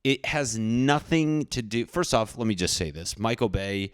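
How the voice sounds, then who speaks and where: On his casual comedic podcast, a young male host rambles through jokes and rants at his own expense. He speaks at a normal pace in a lowish, smooth voice with lively intonation, captured in clean studio sound with no echo.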